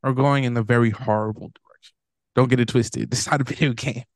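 A man's voice: mid-range voice, steady tone, fast talker, no room sound, studio quality. A man co-hosting a podcast in casual chat, hesitant, with lots of ums and trailing-off thoughts. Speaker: podcast co-host.

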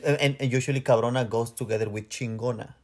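A man's voice: mid-range voice, fairly even intonation, fast talker. A man from Mexico with a Mexican Spanish accent, co-hosting a podcast in casual chat, rambling and correcting himself as he hunts for English words. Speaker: podcast co-host.

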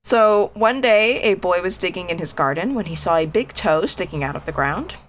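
Woman reading a creepy tale aloud. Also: lowish voice. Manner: animated, reads with dramatic slow groans, laughs easily. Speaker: podcast co-host. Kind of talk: casual chat reading a scary story aloud.

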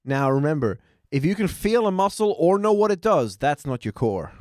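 A man's voice: fairly high pitch, moderate pace, dry recording, studio quality. Profane Australian man chatting. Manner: crude, profane and animated. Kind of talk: casual podcast chat.

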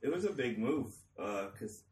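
A man's voice: medium pitch, expressive, moderate pace, a little mellow, reverberant, recorded from a distance. A man comedian from Chicago, telling self-deprecating stories in casual chat with frequent laughs. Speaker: comedian guest.

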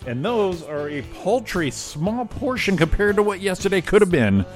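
A man's voice: high voice, very animated, moderate pace, faint music behind. A man co-hosting a casual morning show, wisecracking as he reads out celebrity birthdays. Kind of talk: casual radio banter.

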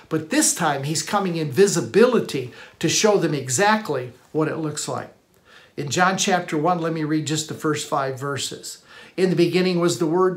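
Emphatic male preacher, repeats his phrases. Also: on the high side. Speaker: pastor. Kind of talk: sermon.

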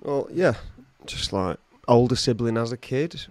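Wry man with a lively voice. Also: medium pitch, measured pace. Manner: wry, storytelling, deadpan jokes. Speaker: podcast co-host. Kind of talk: casual podcast chat.

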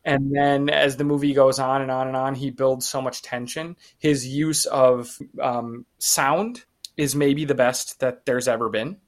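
A man's voice: medium pitch, steady tone, a little slow. A man hosting a podcast who leads segments and talks casually and enthusiastically. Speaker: podcast host. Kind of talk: casual chat.

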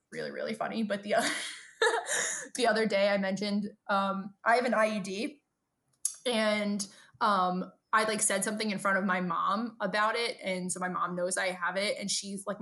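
A woman's voice: medium pitch, normal speed, fairly bright tone. A woman in her late twenties with a mid-range voice co-hosts a casual podcast chat. She talks frankly and with emphasis, swears freely, and acts out the lines of people she quotes. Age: late 20s. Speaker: podcast co-host.

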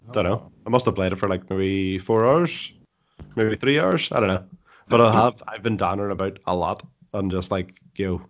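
A man on a casual gaming podcast who rambles hesitantly through his explanations, with many fillers. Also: on the low side. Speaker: podcast co-host. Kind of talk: casual chat. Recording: dull lo-fi recording.

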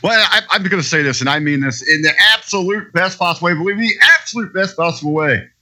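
A man's voice: sits high, quick pace, bright, forceful tone. A man co-hosting a wrestling podcast, giving earnest, emphatic opinions in casual chat. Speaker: podcast co-host.

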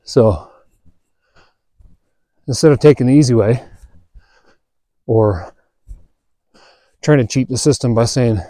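Male podcast host, mellow easygoing storyteller, dry close sound; hops into the characters' voices now and then. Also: medium pitch, slow pace, long pauses, no echo. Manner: relaxed, chatty storyteller who acts out quoted dialogue. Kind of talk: casual storytelling monologue.

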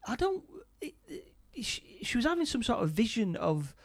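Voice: mid-range voice, very animated, normal speed. A speaker casually retelling a film's plot scene by scene, stumbling over and repeating words. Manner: stammering, repeats words often.

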